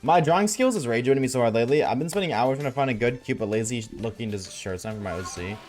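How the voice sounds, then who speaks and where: A man's voice: mid-range voice, lively intonation, fast, a little mellow, faint music behind. A man streaming a game and chatting casually with his viewers, laid-back and slangy, reading chat aloud.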